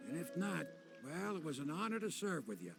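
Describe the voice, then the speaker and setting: A gravelly old boatman. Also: on the high side, big pitch swings, a little fast. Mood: gruff. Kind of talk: video game dialogue. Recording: game audio over loud music.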